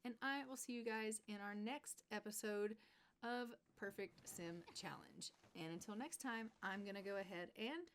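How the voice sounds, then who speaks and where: Brief: excitable woman, let's-play host, middle pitch, chatty and quick to laugh. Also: a little hiss or hum. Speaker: gaming channel host.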